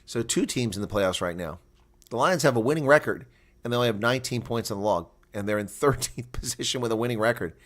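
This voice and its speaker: A man's voice: medium pitch, fast talker. A man hosting a casual live rugby watch-along, chatting loosely, laughing often and reading viewer comments aloud.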